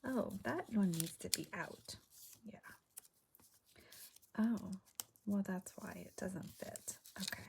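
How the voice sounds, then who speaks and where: A woman talks through her craft project in a loose, chatty way, often dropping into near-whispered asides to herself. Her pitch sits in an ordinary middle range. A faint hiss of background noise sits under the recording. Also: slow pace, gravelly, long pauses. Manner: chatty, muttering to herself while working. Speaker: craft video host. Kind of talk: casual crafting chat. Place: home craft room.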